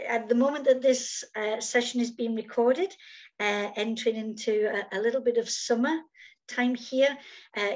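A woman's voice: mid-range voice, low-quality recording. A woman hosting a casual interview over a video call, chatty and full of fillers, speaking from outdoors in summer. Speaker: host.

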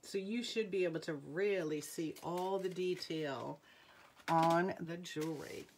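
A woman's voice: fairly low pitch, unhurried, slight background noise. A middle-aged woman with a New England accent hosting a live jewelry sale, chatting with viewers and calling out item numbers.

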